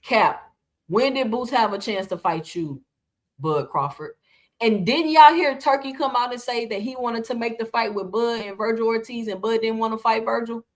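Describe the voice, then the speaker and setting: A woman's voice: on the high side, moderate pace. A woman hosting casual boxing reaction commentary, talking animatedly and piling up rhetorical questions.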